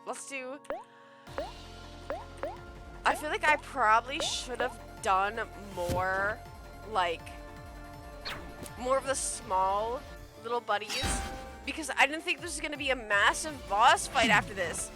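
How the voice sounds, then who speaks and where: A woman's voice: fairly high pitch, animated, unhurried, long pauses. A woman streamer giving casual let's-play commentary, with joking asides while she plays. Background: game music.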